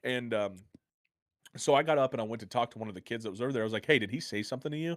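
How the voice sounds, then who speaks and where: An American man telling a rambling, profane story in a casual podcast chat, getting excited as he goes. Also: medium pitch, rapid-fire, no room sound, clean studio sound. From United States. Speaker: podcast co-host.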